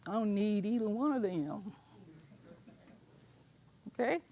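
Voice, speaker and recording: An older woman giving a lecture in a preacherly, emphatic manner, with colloquial asides and bursts of shouting. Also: a little high, animated, slow pace. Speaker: speaker.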